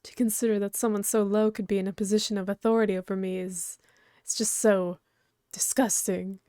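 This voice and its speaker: A woman's voice: medium pitch, little pitch movement, moderate pace, a little mellow, no room sound, clean studio sound, lightly acted. A woman voicing a prim, snobbish and very strong male troll aristocrat, haughty and formal, reading a webcomic aloud. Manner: haughty, fussy, formal wording.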